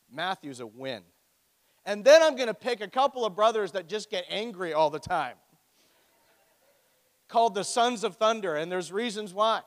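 A man's voice: high-pitched, lively intonation, normal speed, pauses often. A man preaching a sermon as pastor, with a joking, conversational storytelling manner. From Ontario, Canada. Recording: echoey hall.

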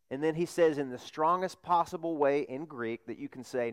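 A man's voice: a little high, moderate pace. A man preaching a sermon as a pastor, talking conversationally and asking his congregation rhetorical questions.

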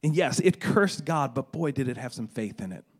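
A man's voice: mid-range voice, lively intonation, normal speed. A middle-aged man preaching a sermon, retelling a story dramatically with stammered restarts. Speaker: pastor.

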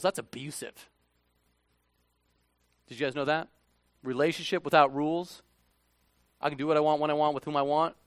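Animated man preaching a sermon. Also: on the high side, no room sound. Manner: animated, swings from hushed asides to loud emphatic bursts. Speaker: pastor. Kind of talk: conversational sermon.

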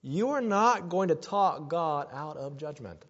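A man's voice: a little high, lively intonation, a little slow. Man pastor preaching a sermon, earnest, gets emphatic, big echoey church sound kinda muffled. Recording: dull sound with long hall reverb.

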